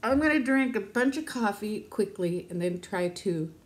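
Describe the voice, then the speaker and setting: A woman's voice: animated, moderate pace. A woman in her fifties chatting casually to camera in a rambling, talkative way, laughing often. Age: 50s. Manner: rambling, chatty, laughs often, uses high baby-talk to her dog. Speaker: vlogger.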